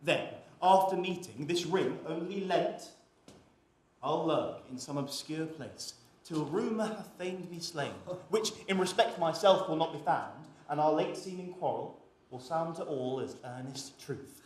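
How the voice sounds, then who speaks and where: A witty young gallant plotting a ruse, voiced by a man in a live stage play. He declaims his verse in a slightly high voice, and the theatre hall rings with heavy echo. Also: a little slow, close to an everyday voice. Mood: scheming. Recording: very echoey stage with faint noise.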